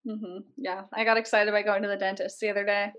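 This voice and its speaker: A woman's voice: mid-range voice, flat delivery, quick pace, a bit bright, dull audio. Laid-back young woman, giggly. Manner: laid-back, laughs a lot. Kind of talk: casual chat.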